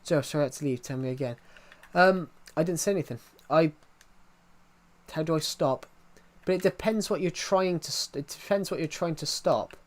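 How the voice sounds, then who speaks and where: A man's voice: a little high, normal speed. A young man live streaming and chatting with viewers in a rambling, jokey way, with a thick accent and lots of restarts. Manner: rambling, with many restarts and false starts; self-deprecating and jokey. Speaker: livestreamer. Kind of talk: casual livestream chat answering viewers.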